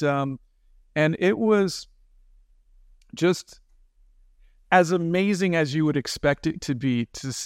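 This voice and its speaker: A man talks through his stories in a relaxed interview, animated and quick to act out the people he quotes. His voice sits a little high and rings clear and smooth. The recording is dry and close. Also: no echo. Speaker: guest, animator and film director. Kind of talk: casual interview storytelling.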